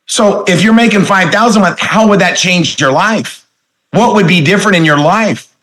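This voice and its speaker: A man's voice: high voice, fairly quick, a bit bright, poor audio. A man in his forties giving a motivational sales training talk, emphatic and full of rhetorical questions, stretching key words for inflection. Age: 40s. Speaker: network marketing speaker trainer.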